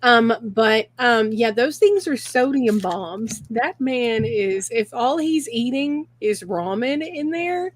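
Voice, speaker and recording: Slow-talking, high-voiced woman co-host. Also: animated. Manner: unhurried, agreeable, many affirming yeses. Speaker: co-host reading viewer questions. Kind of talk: casual livestream chat.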